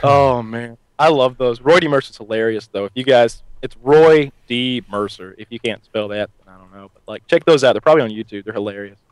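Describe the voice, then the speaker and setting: A male podcast host in loose, laughing conversation, telling stories with animation. His voice is mid-pitched, and the sound is dry and close with no room echo. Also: quick pace, few pauses, clear, resonant tone. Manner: animated, laughs often, storytelling. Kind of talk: casual podcast chat.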